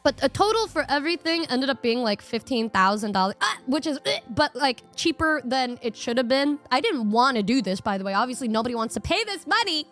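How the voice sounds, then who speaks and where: A young woman streamer casually telling her viewers a long story, rambling and animated, swearing freely and acting out what people said. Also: high-pitched, a little fast, hardly any pauses, faint music behind. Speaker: VTuber streamer.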